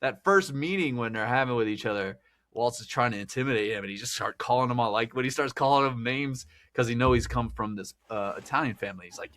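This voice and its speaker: A man's voice: medium pitch, fast, fairly bright tone. A man hosting a podcast, talking through a film in a rambling, chatty way and laughing often. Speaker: podcast host. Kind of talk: casual film discussion.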